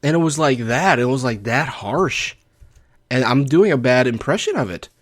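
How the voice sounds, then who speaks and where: A man's voice: mid-range voice, animated, normal speed. A young man with a light Texan accent talks through his solo game session. He rambles easily from the play to side stories, with a wry, chatty humor. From Texas. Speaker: let's play gamer. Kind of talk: casual gameplay commentary.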